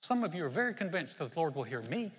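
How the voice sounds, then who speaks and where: A man preaching a sermon as pastor, animated and laughing often as he quotes scripture. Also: fairly high pitch, fast. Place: church. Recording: long hall reverb.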